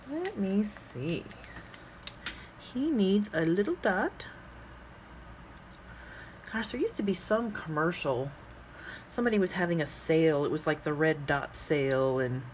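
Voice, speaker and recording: A woman vlogging casually as she swatches inks, chatting and thinking out loud with frequent fillers as she works. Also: deep voice, slight background noise. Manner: talks to herself while working with her hands. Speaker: fountain pen ink vlogger.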